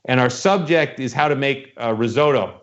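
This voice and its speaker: A man's voice: medium pitch, moderate pace. Rambling male podcast host, lo-fi sound. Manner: rambling storyteller acting out voices. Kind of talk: casual chat, telling a dream story. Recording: dull lo-fi sound.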